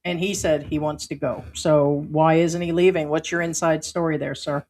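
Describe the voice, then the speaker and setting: A woman's voice: low voice, fairly even intonation, moderate pace, a little mellow. A woman hosting a livestream who reads viewer comments aloud and answers them in an emphatic, indignant way. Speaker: livestream host. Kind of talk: live chat commentary.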